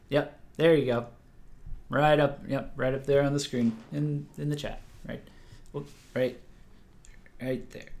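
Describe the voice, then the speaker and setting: Slow-talking tired man hosting a stream. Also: a little high. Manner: halting, full of fillers and restarts. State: tired, sleep-deprived. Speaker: livestream host. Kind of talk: casual livestream chat.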